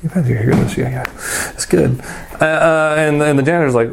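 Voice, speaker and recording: A pastor answering audience questions in a candid, rambling, self-deprecating way, telling personal stories. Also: male voice, a little high, normal speed, vocal fry. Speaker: pastor teaching a Bible class.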